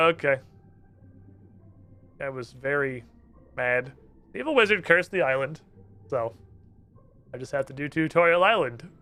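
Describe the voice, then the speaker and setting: A man's voice: a little high, lively intonation, unhurried, pauses often, pushed and bright. Wry, swearing man streaming a game. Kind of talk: casual gaming commentary.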